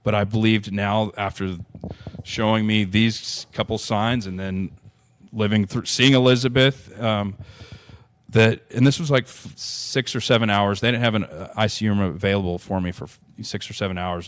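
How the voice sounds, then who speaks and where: Earnest, rambling man with a lowish voice. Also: fairly even intonation, normal speed. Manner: earnest, rambling, many restarts and "you know". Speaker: guest. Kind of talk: personal storytelling in an interview.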